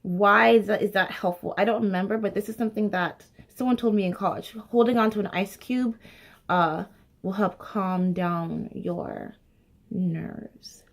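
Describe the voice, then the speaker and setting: A woman in her late twenties talks straight to the camera in a casual vlog. Her voice sits at an ordinary middle pitch, and she is chatty and expressive, leaning on fillers like "um" and "like" and dropping the occasional swear word. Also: unhurried, creaky. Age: late 20s. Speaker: actor sharing speaking tips.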